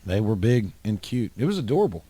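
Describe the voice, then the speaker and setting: A man from upstate New York, hosting a podcast and telling animated, profane stories in casual chat. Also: on the low side, a little fast, husky. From Highland, New York. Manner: animated storyteller, swears freely. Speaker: podcast host.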